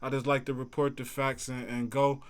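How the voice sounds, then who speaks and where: A man's voice: mid-range voice, little pitch movement, normal speed. A man hosting a casual livestream, answering chat in a laid-back, conversational way. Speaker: livestream host reading chat.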